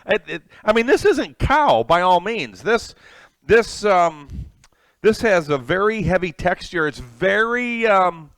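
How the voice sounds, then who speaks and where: Hosting a live cooking stream, a man greets viewers, reading their names from chat and thanking them as he rambles casually with many fillers. His voice is high and a little bright, and the recording is dry.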